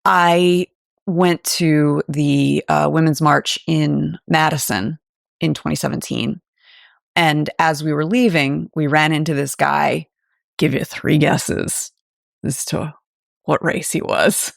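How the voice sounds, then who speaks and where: A woman's voice: low voice, steady tone, slow, gravelly, no room sound, clean studio sound. A woman in her forties, a podcast co-host, talking through her opinions in a thoughtful, candid chat. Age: 40s. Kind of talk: casual discussion.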